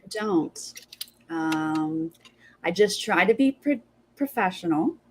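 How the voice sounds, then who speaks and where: A woman's voice: lowish voice, sing-song, slow pace, a little hiss or hum. Chatty woman hosting a recap. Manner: chatty, reads out viewer chat thanks. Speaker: podcast host. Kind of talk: casual recap chat.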